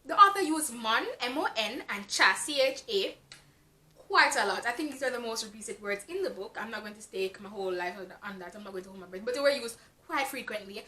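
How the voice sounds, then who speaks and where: A woman's voice: fairly high pitch, expressive, brisk, bright, forceful tone. A woman from Jamaica with a Jamaican accent, giving a frank, exasperated casual book review with lots of fillers. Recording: echoey room.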